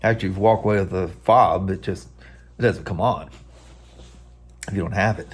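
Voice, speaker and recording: A man's voice: low-pitched, a little fast, slightly rough. A middle-aged man, chatting casually in a motorcycle vlog and chuckling often, out on a rainy ride and then at home. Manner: easygoing, talks to himself and the viewers, chuckles often. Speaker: motorcycle vlogger. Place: riding a motorcycle outdoors in the rain, then at home.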